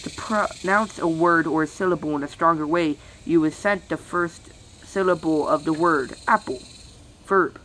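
A host reading a dictionary aloud, halting and stumbling over words, with weary sighs between entries. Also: medium pitch, a bit bright, slight background noise, low-quality recording.

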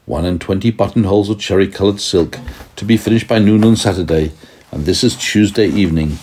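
A man's voice: sits low, a little fast, darkish tone, slight background noise, close to an everyday voice. A man voicing a worried poor old tailor, lamenting and fretful.

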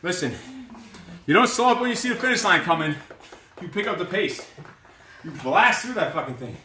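A man coaching a live workout class, barking loud, profane, fired-up motivation and counting reps. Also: sits high, animated, brisk, far from the mic, a little hiss or hum. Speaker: fitness coach. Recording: roomy sound from away from the mic.

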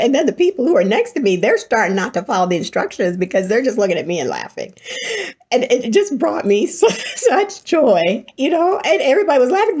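Animated woman telling a story. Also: mid-range voice. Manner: animated, laughs while telling stories. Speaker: host. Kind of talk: storytelling monologue.

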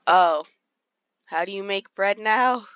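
A woman's voice: mid-range voice, slow pace, a bit bright, clear, resonant tone, no echo. A woman giving casual, chatty commentary while playing a game, easily startled and talking to the animals around her. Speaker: gamer streaming play. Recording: dull lo-fi sound.

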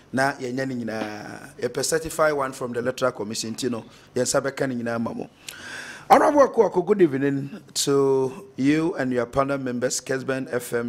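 A Ghanaian man hosting a radio talk show, chatting casually, laughing often and reading out listener messages. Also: mid-range voice.

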